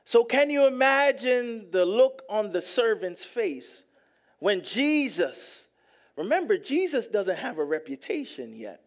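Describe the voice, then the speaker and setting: A male pastor preaching a sermon, emphatic and repetitive, rising at times to shouts. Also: high voice, big pitch swings, a little slow.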